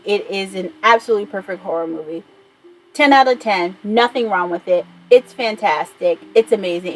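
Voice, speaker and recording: A woman's voice: medium pitch, low-quality recording. A woman in her thirties rambling in a casual vlog chat, enthusiastic and swearing freely. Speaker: vlogger.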